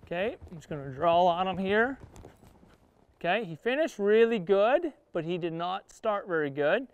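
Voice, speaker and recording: High-voiced plain-spoken cowboy trainer. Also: male voice, lively intonation, normal speed, no echo, dull audio. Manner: talks while riding, coaching the horse and viewers. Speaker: horse trainer. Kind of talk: instructional riding lesson. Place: outdoor riding arena.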